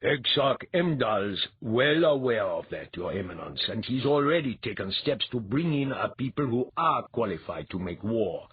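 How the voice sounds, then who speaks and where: A man voicing a shrewd, grave male priest envoy, measured and wry. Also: medium pitch, big pitch swings, breathy edge, no echo, narrow, tinny audio, voice pushed up. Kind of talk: audiobook character voice.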